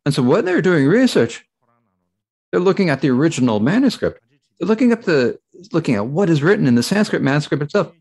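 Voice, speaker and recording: Male interpreter for a Dharma talk, lively pitch, halting delivery with frequent restarts. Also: husky.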